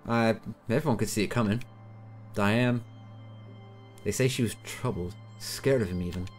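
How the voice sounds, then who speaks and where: A man's voice: fairly low pitch, moderate pace, lightly acted. A man voicing a laid-back, friendly male small-town mechanic in a put-on American accent, calling everyone man, with faint music behind. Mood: grave. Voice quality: casual drawl, calls everyone man.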